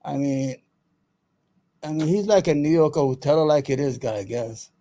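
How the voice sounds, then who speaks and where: Heated, cursing livestream host. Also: male voice, a little high, moderate pace, mellow. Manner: heated, profane, repeats himself; chatty asides to viewers. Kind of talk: ranting political commentary.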